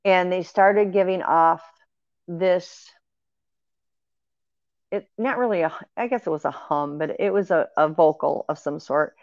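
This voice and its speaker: Earnest low-voiced woman, dull dry audio. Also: unhurried, pauses often, darkish tone, dry recording. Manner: earnest, rambling with fillers and restarts. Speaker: guest sharing paranormal experiences. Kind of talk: casual conversational storytelling.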